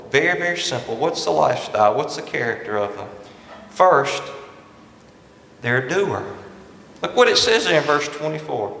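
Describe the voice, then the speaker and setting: A man's voice: medium pitch, gravelly, fairly bright tone, slight background noise. A man preaching a sermon from the pulpit, stressing and repeating his key points. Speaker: pastor. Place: large church sanctuary. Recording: echoey church hall with long reverb.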